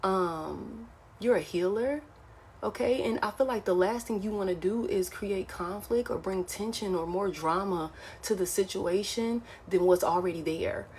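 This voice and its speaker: A woman's voice: mid-range voice, measured pace, darkish tone, slight background noise. A woman giving a casual, frank tarot reading who keeps repeating her key phrases. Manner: repeats phrases, frank and blunt, addresses listener as baby. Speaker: tarot reader.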